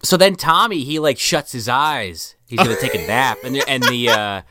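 A man's voice: mid-range voice, moderate pace, heavy background noise. A man co-hosting a podcast, casually recapping a TV episode and popping into quoted voices. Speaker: podcast co-host.

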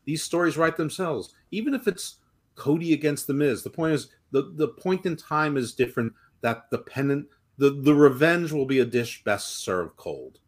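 A man's voice: on the high side, normal speed. A man co-hosting a podcast in a casual debate, explaining his points emphatically and at length. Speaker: podcast co-host.

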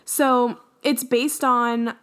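Very slow and fairly even in intonation, this young woman's voice is a little high, a bit bright, clear and resonant. She co-hosts a podcast, chatting casually with plenty of fillers and giggles.

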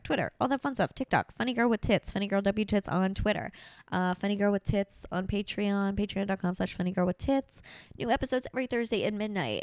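A woman's voice: lowish voice, clear, resonant tone, dry recording, studio quality. A woman comedian hosting a casual podcast chat. She rambles, swears freely and fills her talk with "like.". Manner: rambling and profane, heavy use of "like".

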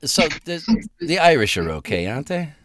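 Lively joking podcast host man. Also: fairly high pitch, moderate pace. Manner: joking, rambling, animated. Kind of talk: casual interview.

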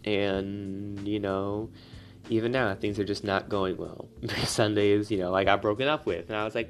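A young man, a college student, venting in a rambling, casual monologue, swearing often and getting louder as he gets worked up. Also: on the low side, steady tone, normal speed, faint music behind. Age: young adult. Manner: rambling, swears a lot, voice climbs when riled up.

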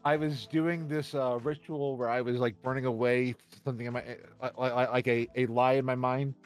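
A man's voice: mid-range voice, level tone, a little fast, faint music behind. A man co-hosting a casual podcast, telling a story with many stumbles and fillers. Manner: hesitant, stumbling, filler-heavy. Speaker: podcast co-host. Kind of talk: casual chat.

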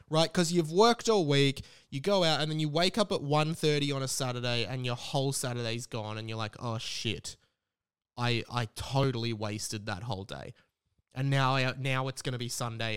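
An Australian man in his late twenties telling a casual, rambling story as a podcast host. He is animated and swears freely. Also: mid-range voice, clean tone. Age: late 20s.

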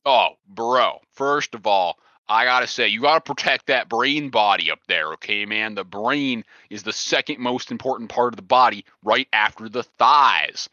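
Guy doing a macho meathead pro skier, 40s, super bright sharp voice, muffled. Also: mid-range voice, normal speed, few pauses, no room sound, lightly acted. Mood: bragging. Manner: boastful meathead bravado, slangy. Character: vain 45-year-old macho male pro skier. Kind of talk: improv comedy character.

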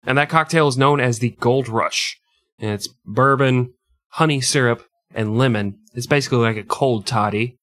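A man's voice: mid-range voice, normal speed, a bit bright, no room sound. A man in his thirties co-hosting a comedy history podcast, joking and laughing often. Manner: laughs often, plugs the show. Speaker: podcast co-host. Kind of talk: casual comedy chat.

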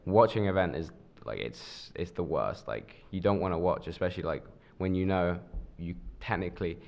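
A man's voice: sits low, moderate pace, gravelly. A young man with an English accent from near London, a guest player chatting casually and hesitantly. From England. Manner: relaxed, hesitant, many fillers. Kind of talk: casual podcast chat. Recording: dull lo-fi sound.

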